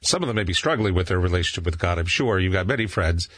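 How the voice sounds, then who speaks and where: A male radio host in a studio, speaking in a measured, deliberate way as he closes the show. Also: low voice, animated, fairly bright tone, husky, no room sound. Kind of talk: radio talk show hosting.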